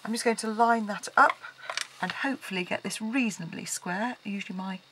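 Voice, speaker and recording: A woman's voice: medium pitch, brisk. A woman explaining a card-making project in a casual tutorial, chatting as she works with frequent ums. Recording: loud background noise.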